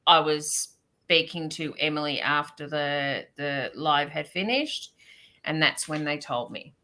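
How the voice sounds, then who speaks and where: Brisk, bright-voiced woman. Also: deep voice. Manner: brisk, rushes through asides. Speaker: co-host. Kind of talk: casual live chat.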